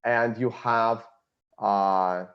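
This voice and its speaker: A man's voice: fairly low pitch, steady tone, extremely slow, muffled recording. A man giving blunt, confident market analysis, thinking aloud as he walks through a chart. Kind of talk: screen-share chart analysis.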